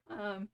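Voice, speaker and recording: A young woman streamer, playful and giggly, rambling through an improvised story. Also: dull audio.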